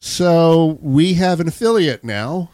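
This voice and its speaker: Lively male podcast host. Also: fairly high pitch, slow pace, no room sound. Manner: animated, reads ad copy. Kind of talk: casual podcast chat.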